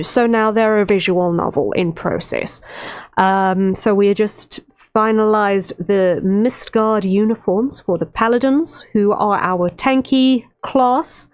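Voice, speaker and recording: A woman with a smooth, medium-pitched voice streams as a VTuber artist, chatting casually while she draws. She rambles at an unhurried pace, filling her speech with lots of "um"s. Faint stream music plays behind her.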